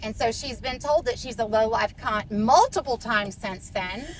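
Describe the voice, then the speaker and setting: A woman's voice: fairly high pitch, animated, moderate pace, a little hiss or hum. A middle-aged woman, a podcast guest, telling a personal story in a blunt, profane, fired-up way.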